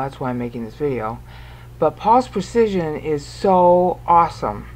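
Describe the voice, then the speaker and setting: Slow, low-voiced woman explaining a Bible text. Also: a little mellow. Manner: patient and explanatory, counting syllables aloud; self-interrupting, with small restarts and asides. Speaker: Bible commentator. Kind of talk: screen-recorded Bible study lesson.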